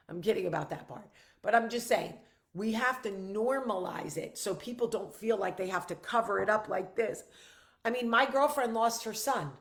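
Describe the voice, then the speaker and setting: A middle-aged woman hosting her own vlog, talking candidly to viewers, blunt and emphatic with frequent swearing, earnest and reassuring. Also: mid-range voice. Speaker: vlog host.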